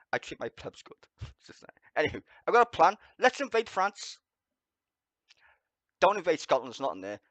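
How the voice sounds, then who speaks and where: A man's voice: mid-range voice, fairly bright tone, no room sound. A man hosting a livestream, ranting sarcastically with constant swearing and laughing at his own jokes. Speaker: livestream host. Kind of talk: profane sarcastic ranting commentary.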